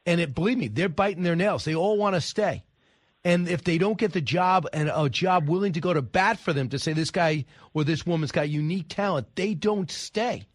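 A man's voice: on the high side, a little fast, dry recording. A middle-aged man hosting a talk radio show, pressing his guest with emphatic, indignant questions. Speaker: radio host.

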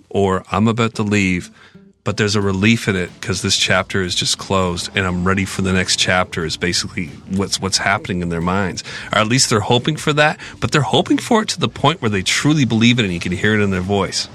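A man co-hosting a podcast, talking in an earnest, reflective way with many halting restarts. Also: low-pitched, lively intonation, bright, forceful tone, slight background noise. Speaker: podcast co-host. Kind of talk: casual podcast chat.

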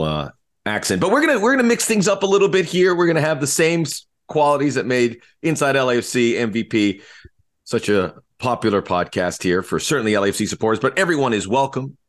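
A man's voice: fairly low pitch, animated, fast talker. A man co-hosting a casual sports podcast, upbeat and joking, with frequent fillers. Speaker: podcast co-host.

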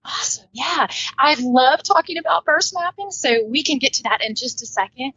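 A woman's voice: high voice, animated, moderate pace, pushed and bright, no echo, muffled recording. A woman in her late thirties with a Southern Indiana twang, a guest author chatting in an upbeat way and laughing often on a podcast. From Midwestern United States. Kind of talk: casual podcast interview.

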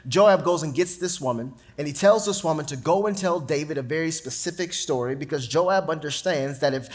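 Animated high-voiced male preacher. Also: brisk. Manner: animated, dramatic Bible reading. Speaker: pastor. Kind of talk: sermon.

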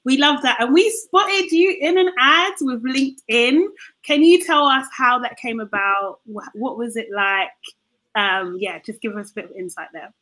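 A woman's voice: a little high, moderate pace, bright, forceful tone, poor audio. A woman co-hosting and asking questions, hesitant and apologetic with many fillers. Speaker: co-host. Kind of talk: casual interview questions.

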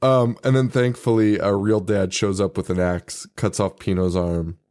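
A male podcast co-host retells a movie in loose, casual chat. He laughs through his sentences, swears freely, and slips into quick impressions of the characters. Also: on the low side, steady tone, a little mellow. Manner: laughs often, swears, acts out quotes.

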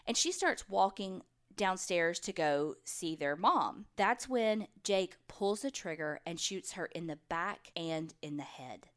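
A woman's voice: on the low side, animated, takes it slowly, hardly any pauses. A woman co-hosting a podcast, casually retelling a true crime case and briefly voicing the people in it. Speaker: podcast co-host.

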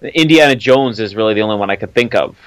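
A man's voice: on the low side, fast, a bit bright, clear, resonant tone, no room sound. Wry man co-hosting a film podcast. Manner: enthusiastic, wry asides, laughs often. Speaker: podcast co-host. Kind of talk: casual film commentary chat.

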